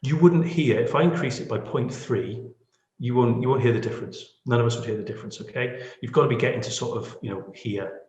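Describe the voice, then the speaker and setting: A man's voice: medium pitch, fairly quick, darkish tone. Man, podcast tutor, self-deprecating, keeps asking "okay?"; roomy echo. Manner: chatty and self-deprecating, checks in with "okay?" and "yeah?". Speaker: podcast lead teaching audio editing. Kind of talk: screen-share editing tutorial. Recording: echoey room.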